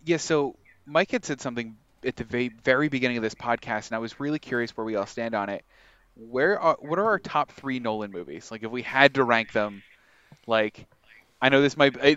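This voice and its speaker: Smooth-voiced male podcast co-host. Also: medium pitch, a bit bright, no room sound, dull audio. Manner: chatty, many filler likes. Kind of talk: casual movie podcast chat.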